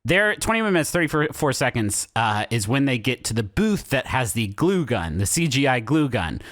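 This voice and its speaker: Animated male podcast co-host, lively pitch. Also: no echo, studio quality. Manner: animated, meandering, many filler pauses. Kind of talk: casual comedic chat.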